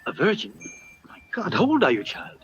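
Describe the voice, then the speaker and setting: A man's voice: sits high, huge pitch swings, fairly quick, fairly bright tone, full character voice. An actor playing an anxious, shocked male master who mutters in dismay in a dubbed film. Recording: dull lo-fi film audio with music.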